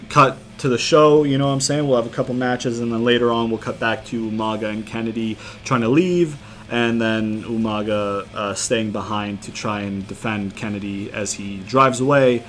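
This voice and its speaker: A man's voice: mid-range voice, fairly bright tone. A young man giving casual, rambling commentary over a wrestling game, full of fillers and cursing. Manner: rambling, filler-heavy, profane, casual slang. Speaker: gaming commentator.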